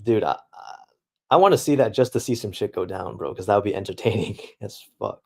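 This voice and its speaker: A man's voice: lowish voice, expressive, brisk, gravelly. A young man streaming live, talking casually and reading out chat in a laid-back, slangy way full of dude and bro.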